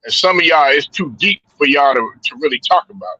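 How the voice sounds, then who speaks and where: High-pitched, sharp-toned man. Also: animated, fairly quick, no room sound. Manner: loose, profane, rambling storytelling. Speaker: podcast host. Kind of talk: casual sports chat. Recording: dull lo-fi stream audio.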